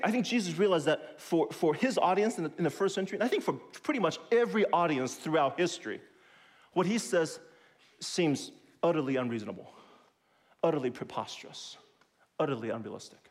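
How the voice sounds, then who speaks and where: Emphatic higher-voiced male pastor preaching. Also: sing-song. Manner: emphatic, repeats key points slowly; acts out quoted voices with big pitch jumps. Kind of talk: sermon.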